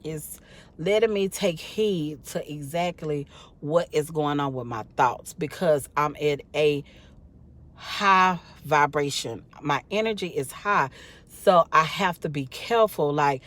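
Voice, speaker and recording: A woman's voice: sits low, a little slow, a bit bright. Sleepy, rambling woman vlogger. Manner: rambling, chatty, many fillers. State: tired and sleepy. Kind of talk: casual talk to camera.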